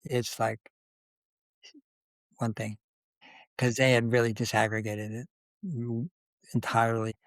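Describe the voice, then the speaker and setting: A man's voice: medium pitch, flat delivery, unhurried, pauses often, dry recording. An older man as an interview guest, telling anecdotes in a conversational way and acting out the dialogue he quotes. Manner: anecdotal, acts out quoted dialogue, restarts often. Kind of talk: conversational storytelling.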